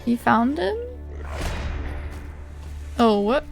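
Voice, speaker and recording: A woman streams an online game and reads the quest text out loud, laughing easily as she talks. Her voice sits a little high, and faint game music plays under her. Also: expressive, extremely slow, gravelly. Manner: giggly, chatty. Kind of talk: reading quest text and chatting with viewers.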